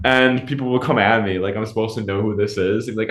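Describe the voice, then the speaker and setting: A man with a fairly low voice chats casually as a podcast co-host. He rambles, stalls on fillers and restarts his sentences, and the sound comes through with a noticeable room echo. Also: fairly even intonation. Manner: rambling, halting, full of fillers. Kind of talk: casual chat. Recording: echoey room.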